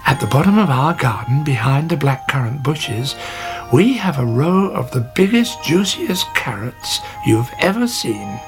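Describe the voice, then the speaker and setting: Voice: medium pitch, very animated, a little slow, over music. A narrator voicing a proud female rabbit villager in a storybook, boastful in tone.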